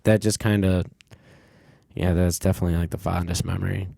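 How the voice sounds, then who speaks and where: A man's voice: deep voice, flat delivery, fairly quick, creaky, dark tone, a little hiss or hum. A man hosting a podcast, telling a childhood story in a rambling, candid way, swearing freely and leaning on fillers. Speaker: podcast host. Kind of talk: casual conversational storytelling.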